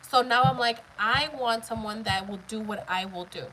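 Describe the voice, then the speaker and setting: A woman's voice: fairly high pitch, normal speed, sharp tone, a little hiss or hum, low-quality recording. A woman in her thirties chatting casually on a live stream, blunt, profane and emphatic as she tells her story.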